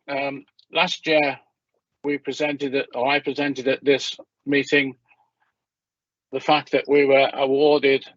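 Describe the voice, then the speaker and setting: A man with a croaky voice presents at a formal meeting, measured and steady, with the odd small restart. The sound is close and dry with no room around it. It comes through dull, like lo-fi meeting audio. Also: medium pitch, no echo. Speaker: hospital governor presenting at a meeting.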